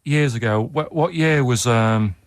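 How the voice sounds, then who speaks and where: A man who is a regular on a radio show, telling meandering anecdotes in a deadpan way. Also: medium pitch, measured pace, dry recording. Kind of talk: casual studio banter. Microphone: studio microphone.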